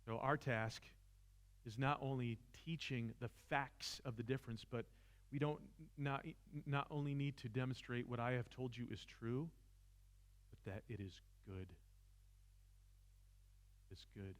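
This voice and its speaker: A man's voice: medium pitch, a little slow, long pauses. Impassioned male seminar lecturer. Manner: impassioned, rises to near-shouting, self-deprecating humor. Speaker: philosophy teacher, seminar speaker. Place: church seminar room.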